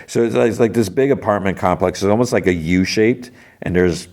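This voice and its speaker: A man's voice: fairly low pitch, a little fast, darkish tone. A man hosting a podcast, casually retelling a TV episode in a rambling way full of fillers. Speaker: podcast host.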